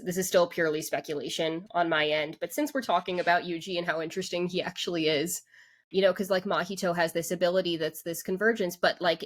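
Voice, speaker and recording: A woman co-hosting a podcast, talking through an anime episode in casual chat with lots of "like" fillers and restarts. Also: fairly low pitch. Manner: rambling, full of "like" fillers and restarts. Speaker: podcast co-host.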